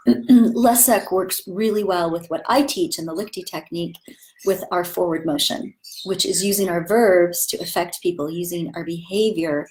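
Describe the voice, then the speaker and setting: A woman's voice: lowish voice, darkish tone, rough recording. Chatty, enthusiastic woman acting teacher. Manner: enthusiastic, chatty, demonstrates vowel sounds. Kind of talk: casual teaching talk.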